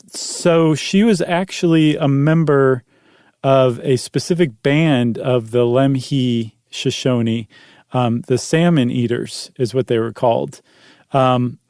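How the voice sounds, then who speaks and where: A man's voice: medium pitch, takes it slowly, a little mellow, clean tone, dry recording. A man co-hosting a podcast in casual chat, easygoing with dry teasing and frequent ums. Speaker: podcast co-host.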